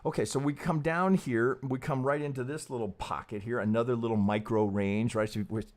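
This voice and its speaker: A man's voice: steady tone, a little fast. A man hosting a casual trading live stream, thinking aloud as he goes, swearing freely and asking "right?" again and again. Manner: pitch jumps up when emphatic, drops low and soft when muttering.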